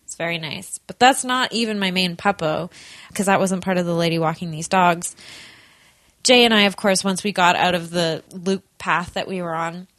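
A woman's voice: lowish voice, moderate pace, no echo. Giggly young woman telling a story. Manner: animated, giggly, many fillers. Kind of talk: casual chat, storytelling.

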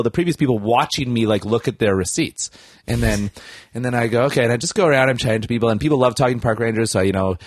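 A man's voice: mid-range voice, no room sound, clean studio sound. A young man telling a long casual story, rambling with restarts and acting out the people he quotes.

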